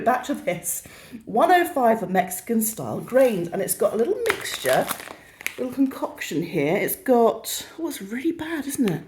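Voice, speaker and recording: A chatty British woman in her thirties talks through her groceries, teasing herself and wandering off track. Her pitch rises and falls in a lively way. The room around her is echoey. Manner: chatty, self-mocking, easily sidetracked. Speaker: vlogger. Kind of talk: casual haul vlog.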